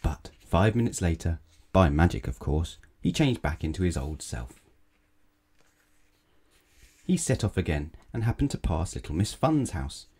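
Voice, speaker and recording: A man reading a children's bedtime story aloud in a gentle, measured way. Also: low voice, sing-song, slightly rough.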